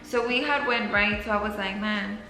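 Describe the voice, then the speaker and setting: A young woman telling a story with her partner in a casual, animated way, laughing and acting out what was said. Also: mid-range voice, fairly quick. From Mexico. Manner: animated, laughing, acts out quotes. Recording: echoey room, faint music.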